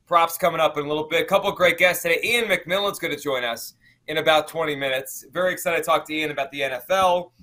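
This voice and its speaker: Man, sports show host, bright voice, upbeat casual chat. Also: a little high, fast talker. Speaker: podcast host.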